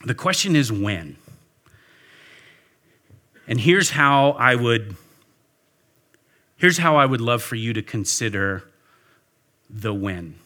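A man's voice: medium pitch, animated, slow pace, pauses often, pushed and bright. A man preaching a sermon, telling a story earnestly and leading a prayer. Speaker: pastor.

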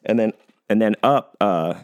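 This American podcast host has a fairly low, clear, resonant voice and an unhurried pace. Alone at the mic, he rambles casually, swearing heavily and using many fillers and restarts.

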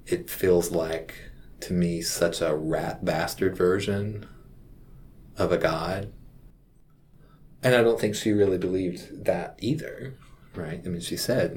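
A man who works as a hospital chaplain, telling a personal story in a reflective, halting way. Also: low-pitched, darkish tone.

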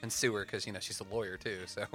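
A young man co-hosting a casual podcast, animated and playful, building up dramatic fan crossover stories. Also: on the low side, fast talker, soft background music. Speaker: podcast co-host.

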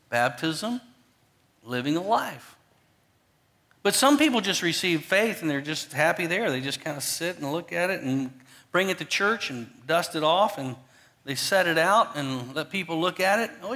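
A man pastor preaching a sermon, animated, swinging between loud emphatic bursts and quiet low asides.

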